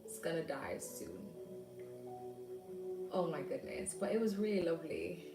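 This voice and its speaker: A woman's voice: low voice, unhurried, far from the mic. A woman hosting a casual livestream chat, reading comments aloud and laughing often. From Jamaica. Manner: chatty, laughs often, thinks aloud with fillers. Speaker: livestream host. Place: home, living in England. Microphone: phone or tablet. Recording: roomy sound from off mic, loud music behind.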